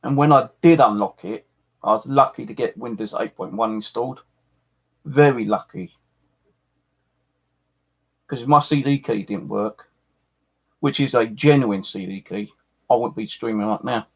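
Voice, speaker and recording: Gravelly, husky man ranting angrily. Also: mid-range voice, normal speed, long pauses. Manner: angry, swearing, repeating himself. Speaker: paranormal live streamer. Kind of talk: angry live-stream rant.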